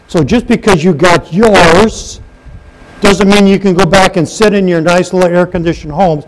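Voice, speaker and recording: A man's voice: sits high, moderate pace, rough recording. A man preaching a sermon, reading scripture aloud and asking his listeners questions. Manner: reads scripture aloud and comments, asks the congregation questions. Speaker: pastor.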